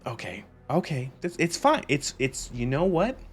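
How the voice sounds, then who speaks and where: A man's voice: mid-range voice, huge pitch swings, moderate pace, husky, faint music behind. A man streaming a game and commenting casually, rambling, laughing often and swearing.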